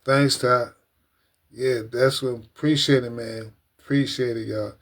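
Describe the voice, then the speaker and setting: A man hosting a casual livestream, talking earnestly and emotionally to his viewers, often repeating himself and addressing them as ladies and gentlemen. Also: medium pitch, fairly even intonation, measured pace. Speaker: livestream host.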